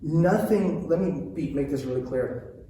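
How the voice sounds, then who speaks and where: A man's voice: a little high, a little slow, dark tone, slight background noise. A man speaking as a parenting coach, talking earnestly and directly to his listeners, often repeating his points. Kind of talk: casual talk to viewers. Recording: very echoey room, distant mic, faint ambience.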